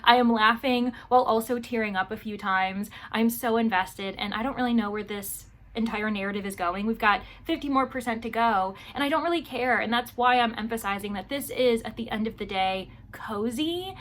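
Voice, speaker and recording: A young woman vlogging about her reading, talking casually and gushing about the book with quick asides. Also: on the high side, fairly bright tone.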